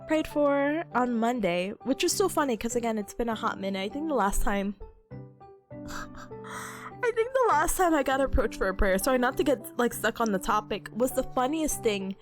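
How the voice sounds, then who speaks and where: A young woman chatting casually on a stream, sick with a nasal, hoarse voice, giggly and rambling. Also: fairly high pitch, sing-song, normal speed, long pauses, faint music behind.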